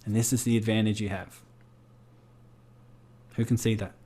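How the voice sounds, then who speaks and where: A man's voice: lowish voice, level tone, moderate pace, mellow. A man with an Australian accent leading a group coaching call over a video call, firing rhetorical questions at his listeners. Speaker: business coach.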